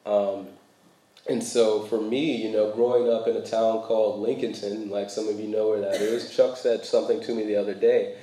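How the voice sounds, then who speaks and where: An American preacher with a fairly low, level, dark-toned voice delivers a sermon at a moderate pace. He's loose and conversational, full of fillers and storytelling asides, and laughs as he tells stories. The audio is poor and reverberant.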